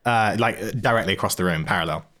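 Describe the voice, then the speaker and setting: A man narrating a tabletop game as game master in a casual, halting way with many fillers. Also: on the low side, fairly bright tone.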